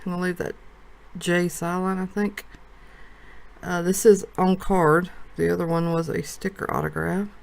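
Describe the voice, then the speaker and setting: A woman's voice: lowish voice, creaky, darkish tone. Chatty woman opening trading cards. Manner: chatty, thinks aloud while sorting cards. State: low morning voice. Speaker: card shop owner opening a box. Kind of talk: casual card box break.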